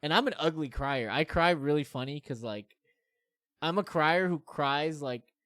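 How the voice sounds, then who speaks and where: A man's voice: a little high, unhurried, fairly bright tone, no room sound, studio quality. A man in his thirties streaming, chatting candidly and rambling with many fillers and self-deprecating asides. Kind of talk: casual chat to stream viewers.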